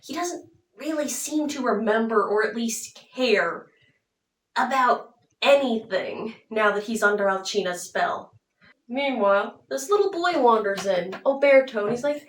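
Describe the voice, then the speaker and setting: A woman's voice: a little high, expressive, measured pace, a little hiss or hum. A young woman casually retelling an opera plot in a chatty, playful way. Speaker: opera summary storyteller. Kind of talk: casual storytelling. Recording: roomy, distant mic.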